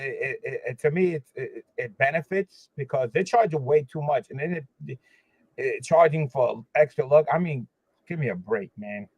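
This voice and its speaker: A man's voice: a little high, dry recording. A man hosting a livestream, chatting casually and complaining emphatically with lots of fillers. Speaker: livestream host. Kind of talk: casual chat. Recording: dull lo-fi sound.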